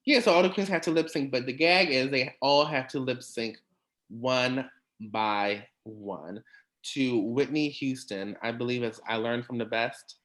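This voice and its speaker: A man hosting a relaxed recap show, voice sitting in a middle pitch. He talks in a chatty, animated way, full of quick asides and little laughs. It is casual conversation, never scripted. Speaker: podcast host.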